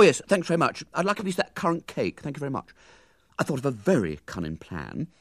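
A man's voice: fairly high pitch, no room sound, studio quality, pitched above the performer's own voice, heavily acted. A man voicing a boastful schoolboy who chatters on with his mouth full.

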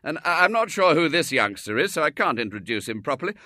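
A man voicing a jovial, hearty businessman who speaks loudly. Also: on the high side, sing-song, fast, no echo, clean studio sound, voice pushed up.

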